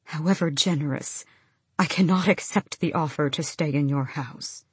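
A woman's voice: sits low, normal speed, slightly rough, dry recording. Woman reading as a grave, formal young man. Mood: serious.

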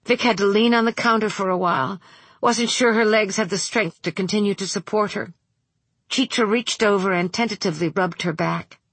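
A woman narrating a novel aloud in a measured, steady reading voice. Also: mid-range voice, breathy edge, dry recording. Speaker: audiobook narrator. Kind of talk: scripted narration.

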